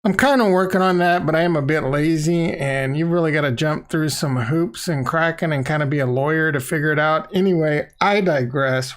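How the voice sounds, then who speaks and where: A man's voice: fairly high pitch, a little fast, hardly any pauses. A man talking casually on a livestream as a crypto YouTuber, loose and rambling, playful and blunt, close to a desk microphone.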